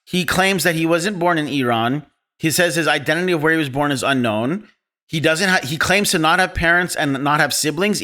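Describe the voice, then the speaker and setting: Bright-voiced man hosting a film podcast. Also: on the high side. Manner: opinionated, animated storytelling with restarts. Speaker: podcast host. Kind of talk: casual film discussion.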